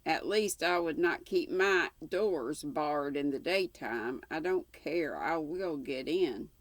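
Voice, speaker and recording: An older woman reading a classic novel aloud, unhurried, with casual asides now and then. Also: deep voice, no echo. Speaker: audiobook reader.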